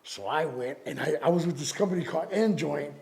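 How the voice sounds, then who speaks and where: A man's voice: on the high side, a little fast, gravelly, darkish tone. A middle-aged man, a rapper telling profane stories in an interview and acting out other people's voices. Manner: profane, acts out quoted voices. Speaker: rapper and DJ guest. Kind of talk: animated storytelling interview.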